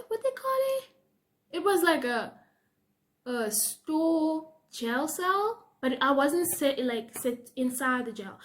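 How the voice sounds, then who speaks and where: A young YouTuber with a South African accent tells a storytime vlog in a high, lively voice. She laughs often and acts out the people she quotes.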